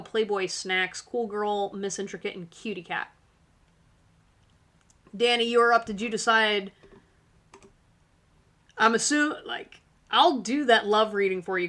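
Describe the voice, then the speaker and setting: A woman's voice: mid-range voice, normal speed, long pauses, bright, forceful tone. A woman hosting a live-stream tarot reading, talking casually and encouragingly with lots of fillers. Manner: chatty, filler-heavy, encouraging.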